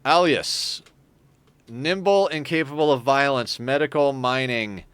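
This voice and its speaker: A man's voice: mid-range voice, measured pace, a bit bright, clear, resonant tone. A man casually commenting on his game as he plays, chatting with viewers and thinking aloud. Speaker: streamer.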